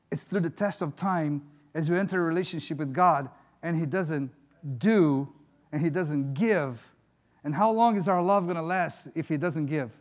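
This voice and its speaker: A man preaching a sermon as a pastor in a church, earnest and emphatic, building to questions. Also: high voice. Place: church sanctuary.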